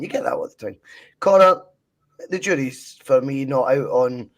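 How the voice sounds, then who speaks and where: Scottish male host, mid pitch, relaxed banter reading comments. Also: moderate pace. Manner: easygoing, chatty, reads listener comments. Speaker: podcast host. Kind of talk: casual football podcast chat.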